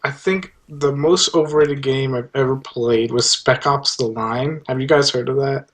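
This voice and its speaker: A man's voice: medium pitch, steady tone, moderate pace, fairly bright tone. A man on a gaming podcast, talking in a rambling, hesitant way and restarting his sentences. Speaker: podcast co-host. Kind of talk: casual gaming chat.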